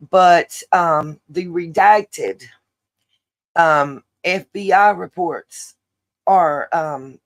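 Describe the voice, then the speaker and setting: Middle-aged woman, livestream host; gravelly, rambling, chatty, lots of fillers. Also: lowish voice, rough recording. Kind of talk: casual livestream chat.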